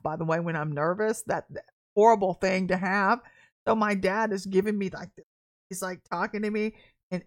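A woman preaches in a loose, conversational way for her podcast, slipping into anecdotes and laughing as she tells them. Her voice sits at an ordinary middle pitch, and she acts out the people she quotes. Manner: animated storytelling with laughter and acted quotes. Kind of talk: casual sermon.

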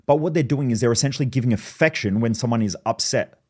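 A man hosting a podcast monologue, blunt and profane, telling animated stories. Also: medium pitch, fast, slightly rough. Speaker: podcast host.

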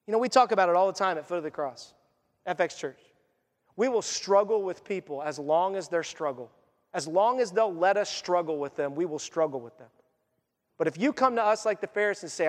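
Pastor, male, high voice, animated sermon delivery, long church reverb. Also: a little fast. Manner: animated, acts out voices and jokes.

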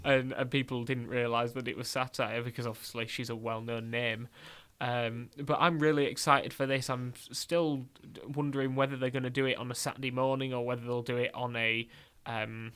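A young man with a Northern English accent hosting a radio show, chatting excitedly and restarting his sentences often. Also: mid-range voice, a little fast, few pauses, smooth. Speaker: radio host. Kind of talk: casual radio chat.

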